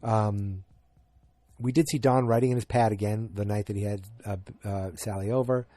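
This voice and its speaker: A man's voice: on the low side, steady tone, moderate pace, warm tone, dry recording. A man hosting a podcast, chatting through an episode recap in a rambling way that flares into exasperation. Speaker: podcast host.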